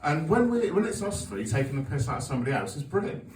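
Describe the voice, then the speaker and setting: A man's voice: a little high, big pitch swings, fast talker, a little mellow. Stand-up guy in his 40s, swears a lot, voice jumps up and down, sounds far off in an echoey room. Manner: sweary, self-mocking storytelling with an audience laughing along. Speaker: stand-up comedian. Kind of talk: stand-up comedy set. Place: comedy club stage. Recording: echoey venue, taped from a distance. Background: audience laughter.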